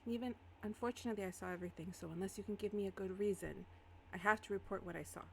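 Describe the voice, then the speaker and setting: A woman voicing a stern female teacher at a fae academy who scolds loudly. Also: medium pitch, very fast, vocal fry, a little hiss or hum, lightly acted. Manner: scolding, loud and shocked.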